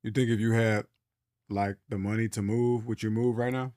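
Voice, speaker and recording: A man from the Dallas area hosts a casual podcast talk. His voice sits on the low side, and he speaks in a measured, thoughtful way. The recording is dry and close. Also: steady tone, no room sound. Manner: reflective, with soft affirmations. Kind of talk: casual conversation.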